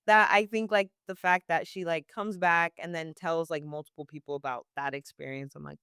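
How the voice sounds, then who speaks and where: Young woman, barista, casual interview chat, lots of "like", clear smooth voice. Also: fairly low pitch, steady tone, fairly quick, hardly any pauses, a bit bright, no room sound, studio quality. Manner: chatty, many "like" fillers, laughs often.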